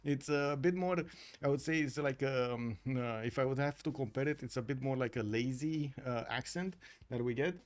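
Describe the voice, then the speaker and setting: A man's voice: medium pitch, normal speed. Romanian man casting a strategy game. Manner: rambling, many fillers and restarts. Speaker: esports caster. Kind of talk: live game commentary, reading chat.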